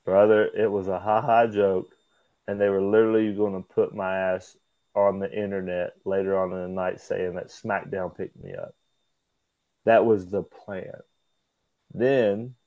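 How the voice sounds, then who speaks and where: In a dry, low-quality recording, a male pro wrestler with a low voice tells backstage stories as an interview guest. He is casual and animated, swears freely, calls people "brother," and mimics others' words in a raised voice.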